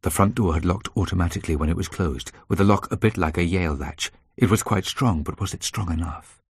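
A man narrating a story in a measured, tense way. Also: deep voice, slightly rough, no echo, studio quality. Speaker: audiobook narrator. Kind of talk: scripted narration.

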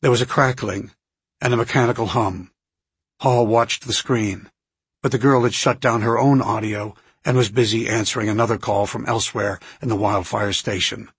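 Husky-voiced male audiobook narrator. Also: fairly low pitch, fairly even intonation, moderate pace, no echo.

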